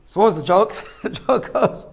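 A male religious teacher with a high-pitched, creaky voice talks expressively at a moderate pace. His informal sermon unfolds through stories, with regular "right?" check-ins and laughter at his own humor.

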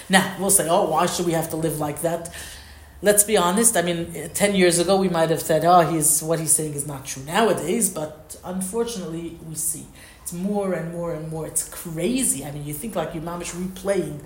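A woman giving an animated Torah lesson, quoting Hebrew texts and explaining them with rising emphasis. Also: sits low, reverberant. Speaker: Torah teacher. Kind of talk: lecture.

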